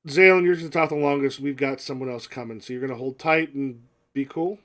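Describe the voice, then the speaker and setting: A man's voice: mid-range voice, a little fast, fairly bright tone, natural voice. A man voicing a dismissive, condescending adult male official in a tabletop game.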